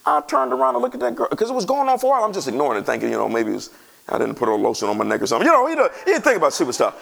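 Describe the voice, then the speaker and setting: Gravelly-voiced preacher man. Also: high voice, racing. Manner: animated, conversational preaching with asides to the congregation. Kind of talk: sermon.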